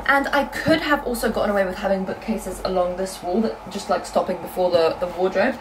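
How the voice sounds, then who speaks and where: A young woman from Britain chatting casually in a book vlog from her bedroom, telling stories in a lively, animated way. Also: mid-range voice, recorded from a distance, background noise. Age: young adult. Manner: chatty, quick and animated storytelling. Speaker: book vlogger. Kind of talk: casual chat.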